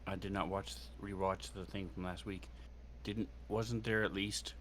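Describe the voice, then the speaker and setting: A man's voice: deep voice, level tone, unhurried, fairly bright tone, slight background noise. A man playing a tabletop game, rambling and a little unsure of the rules. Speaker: player. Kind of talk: casual chat at a game table.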